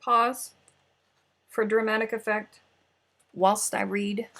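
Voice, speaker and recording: Woman, live-stream crafter, scattered chatty self-talk, unhurried pace, bright tone. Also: mid-range voice. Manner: chatty, scatterbrained, talks to herself. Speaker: crochet livestream host. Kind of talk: casual live-stream chat.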